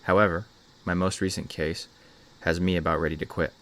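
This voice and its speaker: A man hosting a channel and reading a horror story aloud in a measured, scripted narration. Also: low voice, little pitch movement, fairly bright tone.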